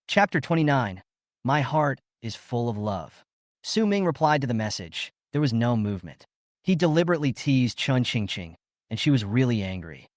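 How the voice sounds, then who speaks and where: A man reading a scripted story recap as its narrator, in a steady storytelling manner. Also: mid-range voice, normal speed, no echo, studio quality.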